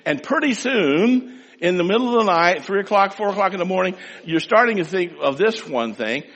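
A man preaches with a bright, husky voice whose pitch rises and falls freely. His talk rings with the long reverb of a large hall, and he speaks straight to the people in front of him. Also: normal speed. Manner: animated storytelling, acts out loud pleading prayers; speaks directly to the congregation. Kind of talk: sermon.

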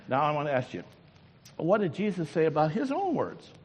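A man preaches a sermon in a slightly high, animated voice that leaps from ringing exclamations down to hushed, intense murmurs. He keeps asking the congregation rhetorical questions. A long reverb hangs in the church hall around him. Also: fairly quick, a little hiss or hum. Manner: emphatic, swings from loud exclamations to low intense murmurs.

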